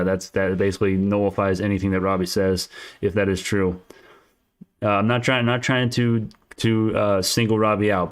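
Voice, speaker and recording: A man hosting a stock market livestream, answering chat comments in casual, argumentative talk, often restarting his sentences. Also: lowish voice.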